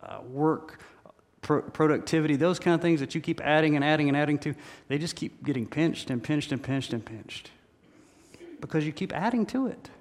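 A pastor delivering a sermon in a church, emphatic and repetitive, with humorous stories. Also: male voice, fairly high pitch, expressive, moderate pace. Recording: reverberant hall.

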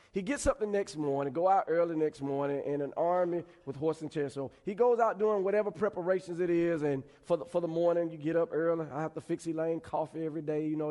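A male preacher giving a conversational sermon with animated storytelling. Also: mid-range voice, big-room sound.

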